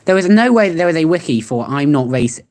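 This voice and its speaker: Casually chatting as they react to web searches, a young adult streamer reads results out loud, laughing and rambling. Their medium-pitched voice is expressive, quick and darkish in tone, with slight background noise.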